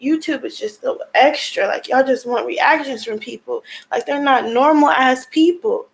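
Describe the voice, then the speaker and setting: A woman's voice: high voice, moderate pace, creaky, rough recording. A young adult woman venting in an emotional personal vlog, frustrated and tearful, at times crying as she talks. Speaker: vlogger.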